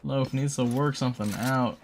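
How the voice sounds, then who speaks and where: A man's voice: mid-range voice, moderate pace, slight background noise. A man calling a college esports final play by play, his voice jumping up on big plays. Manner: excitable, rises sharply on big plays. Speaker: esports caster. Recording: game gunfire and clicks behind the voice.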